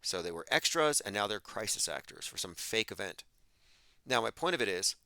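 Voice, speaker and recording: A man's voice: on the low side, vocal fry, bright, forceful tone, no room sound. Guy hosting a stream, reads chat, argues his point hard, dry close sound. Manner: emphatic, argumentative monologue. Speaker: podcast host. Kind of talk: livestream commentary reading chat.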